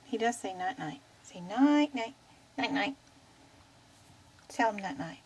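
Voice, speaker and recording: A woman filming her pet bird at home, coaxing it to talk in gentle sing-song baby talk. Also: medium pitch, expressive, unhurried, pauses often, breathy edge, low-quality recording. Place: quiet home. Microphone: handheld camera.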